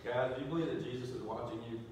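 A man's voice: mid-range voice, steady tone, very fast, noisy background. A man preaching a sermon as pastor, talking in a conversational way, asking the congregation questions and restarting with repeated words. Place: church sanctuary. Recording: echoey church, distant mic.

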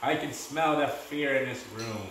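A man reading aloud and voicing a gloating, sinister male villain who taunts slowly. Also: medium pitch, a bit bright, slight background noise. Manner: slow, taunting, relishing the fear. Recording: echoey room from far off.

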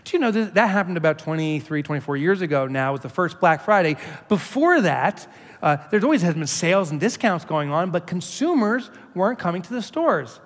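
A man giving a keynote speech, telling jokey stories in an animated way. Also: high-pitched, a little fast. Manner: animated, joking storyteller. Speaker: keynote speaker. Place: large conference hall. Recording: long hall reverb.

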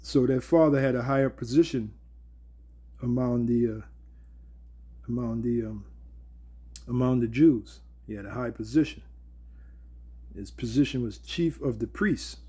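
A man's voice: medium pitch, a little slow, pauses often, dark tone, slightly rough. A man giving a casual, conversational Bible teaching. He often repeats words and checks in with "all right?".

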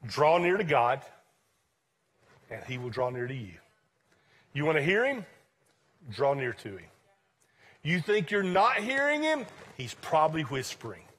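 A male pastor with a high, light voice delivers a sermon to a church congregation. He preaches slowly and deliberately, in a conversational yet emphatic way, swinging between raised points and hushed asides. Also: very animated, husky. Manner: conversational, emphatic preaching with sudden drops to quiet.

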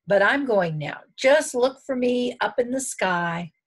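A woman's voice: fairly high pitch, expressive, measured pace, husky, voice pushed up. A woman voicing an eager young boy bear cub in a storybook reading. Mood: cheerful.

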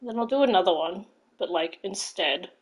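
A woman live-streaming a video game, chatting casually and gushing excitedly to her viewers. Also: on the low side, moderate pace, rough recording. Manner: gushing, excitable, thanks followers. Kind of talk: casual live-stream chat while playing.

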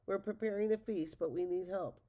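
A woman's voice: medium pitch, a little fast, warm tone, natural voice. A woman reading as an eager young ogre girl.

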